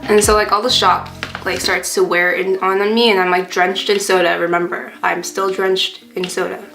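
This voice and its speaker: A young woman talks through her makeup in a loose, rambling storytime, leaning on fillers and dropping swear words freely. Her voice sits at an ordinary middle pitch for a woman. The room gives her voice a noticeable echo, with faint music playing underneath. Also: flat delivery, normal speed, creaky, a bit bright. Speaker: beauty vlogger. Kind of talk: casual storytime while doing makeup. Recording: roomy sound with faint background music.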